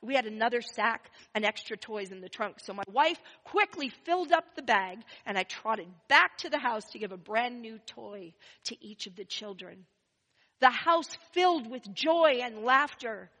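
A woman telling a first-person story, expressive and swinging between loud and hushed. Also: fairly high pitch, normal speed, in a large hall, rough recording.

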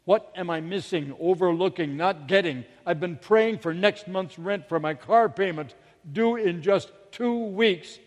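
A man's voice: on the high side, measured pace, long pauses, in a large hall, close to an everyday voice. A man playing a panicked pleading mother. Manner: pleading, raised and urgent. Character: desperate single mother praying in panic.

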